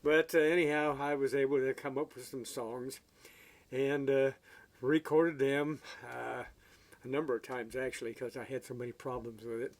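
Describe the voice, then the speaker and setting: A man telling a story in a casual, folksy way, halting often with fillers, as an amateur songwriter and guitarist. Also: medium pitch, level tone.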